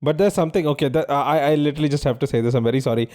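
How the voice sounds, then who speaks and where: A man's voice: fairly high pitch, very fast, dark tone. A man co-hosting a quiz podcast, giving clues and explaining trivia at length in casual chat.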